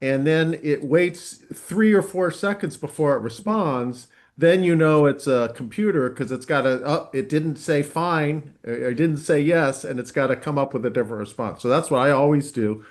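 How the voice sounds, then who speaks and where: A man's voice: a little high, normal speed, hardly any pauses. A man on a video call giving confident, matter-of-fact advice. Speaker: participant.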